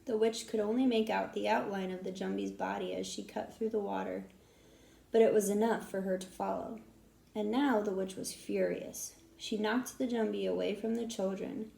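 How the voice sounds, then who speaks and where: A woman reads a children's storybook aloud, steady and expressive, in a gravelly, mellow voice. The recording has a roomy echo around her. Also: medium pitch, moderate pace. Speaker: audiobook narrator. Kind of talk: storybook reading.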